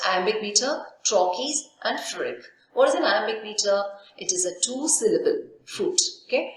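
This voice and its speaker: In this recorded literature lesson, a female university lecturer explains with frequent "okay"s and rhetorical questions she answers herself. Her voice is medium-pitched, the room very echoey, with a little hiss or hum.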